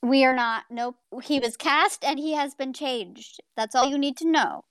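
A woman co-hosting a podcast in casual chat, bubbly and quick to laugh and agree. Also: high-pitched, a bit bright, clean tone, dry recording, studio quality. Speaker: podcast co-host.

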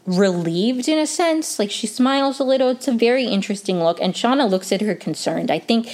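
A woman's voice: a little high, lively intonation, fairly quick, darkish tone. A woman giving a casual, chatty TV episode recap, full of "um" and "like". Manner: chatty, many fillers like "um" and "like". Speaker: TV recap vlogger.

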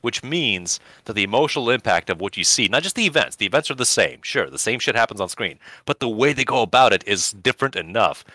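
A man co-hosting a podcast in casual chat, animated and breaking into high excited emphasis, speaking English as a second language. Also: quick pace, hardly any pauses, no echo. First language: not English. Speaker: podcast co-host.

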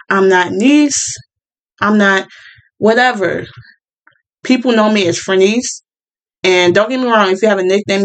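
A woman's voice: medium pitch, low-quality recording. A woman hosting a casual monologue, chatty and opinionated, with many fillers and restarts. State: partly deaf.

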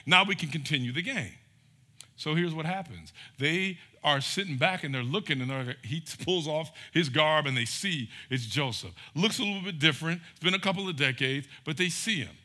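A man preaching a conversational sermon, reading scripture aloud and explaining it with animated emphasis. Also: medium pitch, breathy edge.

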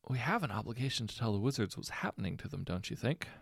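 A man's voice: lowish voice, lively intonation, fast, gravelly, fairly bright tone, slightly rough, dry recording, studio quality, heavily acted. A man voicing an uneasy scientist who speaks hesitantly. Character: hesitant male scientist with a conscience.

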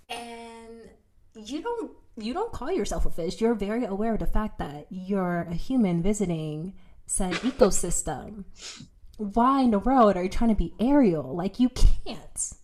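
A woman's voice: medium pitch, unhurried. A young woman hosting a casual conversation podcast, telling a story with lots of fillers. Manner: animated storytelling, many fillers. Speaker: podcast host.

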